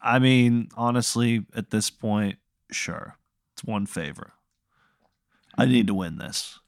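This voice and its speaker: Brief: male guest, slow unhurried talker, wry and profane, laughs a lot. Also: lowish voice, no echo, studio quality. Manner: wry, laughs often, swears. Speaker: podcast guest. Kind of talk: casual chat.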